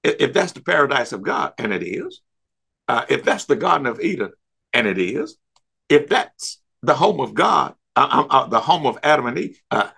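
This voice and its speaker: A man teaching a church Bible study, emphatic and repetitive, slowing down to stretch key words and stumbling over restarts. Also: medium pitch, very animated, gravelly, sharp tone, husky.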